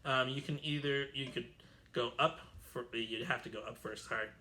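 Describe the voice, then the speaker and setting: A man's voice: mid-range voice, fairly even intonation, moderate pace, loud music behind the voice. A man teaching an online string orchestra lesson, chatty and explanatory, correcting himself as he goes. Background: violin playing.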